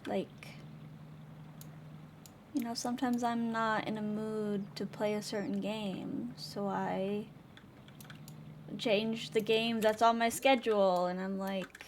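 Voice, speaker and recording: A woman's voice: medium pitch, level tone, slow, long pauses, slight background noise. A young woman hosting a casual livestream from home on a desk microphone, chatty and giggly as she answers her chat. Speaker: livestream host.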